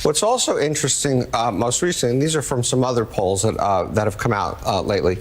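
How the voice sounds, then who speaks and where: A man on a news broadcast, walking through poll figures in a calm, measured explainer tone. His voice sits at an ordinary middle pitch and stays steady as he builds each point. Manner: measured, explanatory, cites numbers. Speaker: political analyst.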